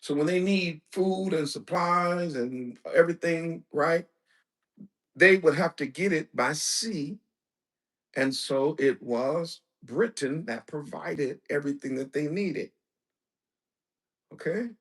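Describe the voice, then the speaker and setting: Man, preacher, lecture-style sermon, high-pitched, slow-paced, emphatic, rhetorical questions. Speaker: preacher and teacher.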